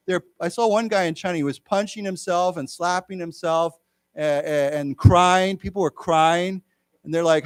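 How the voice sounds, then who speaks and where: A middle-aged man leading a casual English lesson, chatting and rambling, with animated quoted voices. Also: sits high, no echo. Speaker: English teacher. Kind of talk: casual classroom lecture. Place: lecture room.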